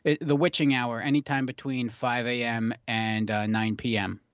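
A man's voice: mid-range voice, little pitch movement, normal speed, no echo. Laid-back rambling man, dry dull sound. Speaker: podcast co-host. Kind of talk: casual chat. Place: makeshift recording booth in a basement.

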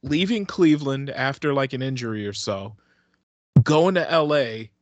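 A man's voice: medium pitch, moderate pace. A man with a mid-range voice, easygoing in a casual podcast chat, agreeing readily and drifting into side remarks. His voice sounds dry and close, with no room echo. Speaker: podcast co-host.

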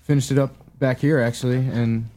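A male music producer, soft-spoken and halting, who says "uh" a lot while explaining. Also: medium pitch, flat delivery, slight background noise. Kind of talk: casual chat.

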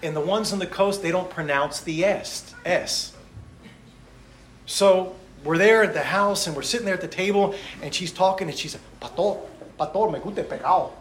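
A man's voice: high voice, moderate pace, echoey room, a little hiss or hum. A man preaching a sermon as a missionary, telling stories and acting out quotes. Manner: animated, acts out quotes.

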